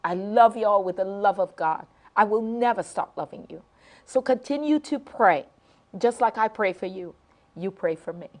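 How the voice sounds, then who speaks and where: A woman's voice: medium pitch, moderate pace, a little mellow. A middle-aged woman hosting a live late-night talk show, heartfelt and emotional, repeating phrases and stumbling over her words as she talks to viewers.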